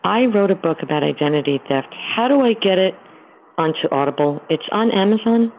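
A woman's voice: lowish voice, expressive, a little fast. A woman from Hawaii calling in by phone, asking direct, plain questions. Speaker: caller. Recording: tinny phone line with faint noise.

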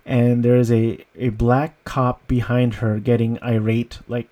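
A man's voice: medium pitch, level tone, unhurried, warm tone. Amused man rambling about a movie. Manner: rambling, amused, breaks into laughter. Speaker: film reviewer. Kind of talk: casual movie review.

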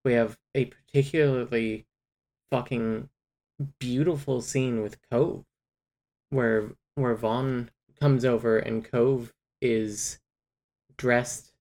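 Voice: medium pitch, darkish tone. A podcast co-host recapping a novel in casual, rambling chat full of fillers and restarts. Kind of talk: casual book discussion.

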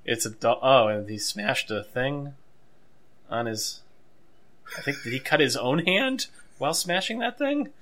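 A man co-hosting a podcast, telling a story in an animated, wry way and riffing casually. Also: mid-range voice, measured pace. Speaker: podcast co-host. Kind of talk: casual chat.

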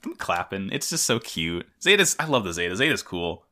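His voice sits low and moves a little fast as this podcast co-host chats casually, full of laughter and jokey, animated fan energy.

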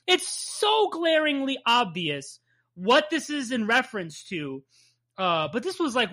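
A man's voice: high-pitched, sharp tone. A man from New Jersey with a Jersey accent, co-hosting a casual recap podcast, rambling and swearing as he laughs along. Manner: profane, rambling, laughs often. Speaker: podcast co-host.

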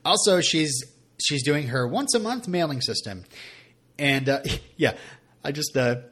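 Podcast co-host, male, chatty and rambling; lively pitch swings. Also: measured pace, slightly rough. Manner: rambling, animated, many fillers. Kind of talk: casual TV recap chat.

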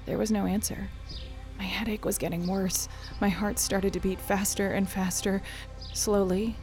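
A woman's voice: medium pitch, flat delivery, normal speed, a little mellow, faint music behind. A woman narrating and acting her own part in an audio drama, tense and often raising her voice. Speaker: narrator and lead character.

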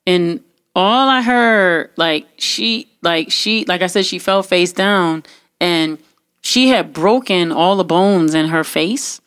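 A young woman telling a personal story in casual talk, animated and full of fillers and restarts. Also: on the low side, takes it slowly, clear, resonant tone, dry recording, clean studio sound. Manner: animated, acts out quotes, many fillers and restarts.

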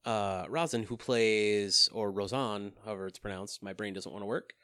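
A man chatting casually as a podcast co-host, halting, with fillers and self-corrections. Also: fairly low pitch, level tone, sharp tone, no room sound, clean studio sound. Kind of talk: casual chat.

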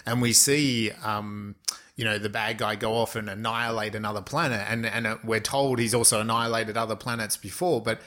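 A man with a bright, forceful voice talks casually about a film, rambling through fillers and restarts as he works out his point. His tone stays conversational and loose. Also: on the low side, fairly even intonation, fairly quick.

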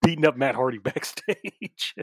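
A man co-hosting a casual podcast, relaxed, chiming in with agreement and laughs. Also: mid-range voice, normal speed, breathy edge, dry recording, studio quality. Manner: laid-back, lots of agreeing murmurs and laughs. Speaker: podcast co-host. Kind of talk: casual wrestling chat.

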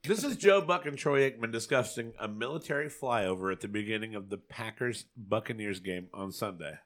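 A man's voice: lowish voice, fairly quick, fairly bright tone, a little hiss or hum. A man hosting a podcast, talking casually and animatedly, swearing freely. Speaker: podcast host. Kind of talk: casual chat.

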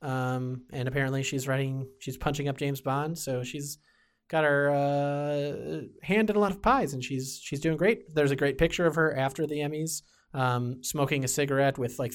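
A man's voice: medium pitch, moderate pace. A man chatting casually about TV shows, rambling with many fillers and restarts. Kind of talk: casual chat.

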